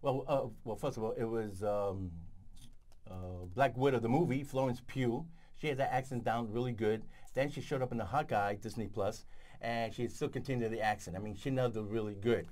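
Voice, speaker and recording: A man co-hosting a casual film review chat, relaxed and halting, often searching for names with many fillers. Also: mid-range voice. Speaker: co-host.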